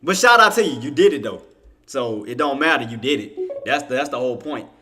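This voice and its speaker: A man streaming live day-trading commentary, talking casually with slang, laughing and teasing his viewers, then dropping to a low mutter while he places orders. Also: expressive, a little fast, sharp tone, a little hiss or hum.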